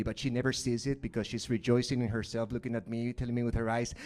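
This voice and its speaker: A middle-aged man from Argentina, telling a deadpan, dark personal story in stand-up. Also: medium pitch, fast, hardly any pauses. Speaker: stand-up comedian. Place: live comedy stage.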